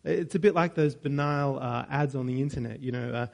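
A man's voice: fairly high pitch, expressive, brisk, gravelly, hardly any pauses, a little mellow. A man preaching a sermon in a conversational way, with joking asides and self-corrections.

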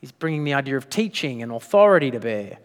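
A man's voice: medium pitch, very animated, fast talker, clean tone. A man preaching a sermon as pastor, emphatic, with frequent rhetorical questions. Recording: long reverb of a large hall.

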